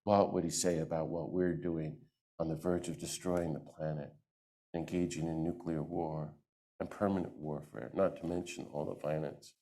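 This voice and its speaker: A man giving a lively talk to a church audience into a microphone, acting out the voices he quotes. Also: very deep voice, normal speed. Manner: animated, acts out quoted voices. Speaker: guest speaker.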